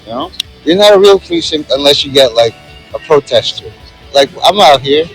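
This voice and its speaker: A street vlogger with a fairly high, expressive, creaky voice walks around a city plaza, rambling and joking into a handheld phone at a moderate pace with plenty of fillers. Faint music plays behind him, and the recording quality is low.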